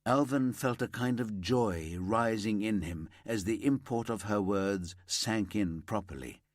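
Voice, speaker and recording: A man narrating a crime thriller audiobook in an expressive storytelling manner. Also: fairly low pitch, a little slow, no room sound, clean studio sound. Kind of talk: scripted narration.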